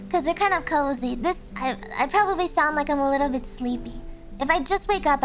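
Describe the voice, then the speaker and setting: Young woman streamer, very high soft voice, giggly, chatty, faint music underneath. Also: moderate pace. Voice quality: high voice, speaking softly. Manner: giggly, chatty, reads chat aloud. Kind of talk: casual chat with viewers. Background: faint background music.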